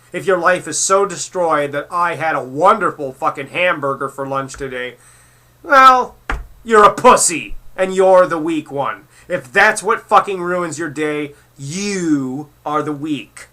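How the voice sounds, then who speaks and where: Male vlogger, raised pitch, very bright cutting tone, furious profane rant. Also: unhurried. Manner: profane, heated and mocking. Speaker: commentary vlogger. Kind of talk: angry rant reacting to clips.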